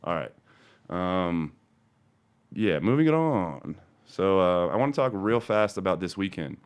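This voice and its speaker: A man's voice: low voice, a little slow, clear, resonant tone. A middle-aged man from Denver hosting a cannabis seed show, talking casually and swearing constantly. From Denver, Colorado. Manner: profane, angry ranting that turns calm and chatty. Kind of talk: casual ranting livestream talk.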